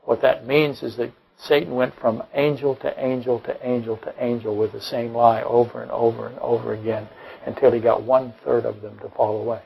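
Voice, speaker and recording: A man's voice: mid-range voice, level tone, brisk, vocal fry, breathy edge, dull audio. A man preaching a sermon to his congregation as pastor, emphatic, with rhetorical questions and dry jokes. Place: church.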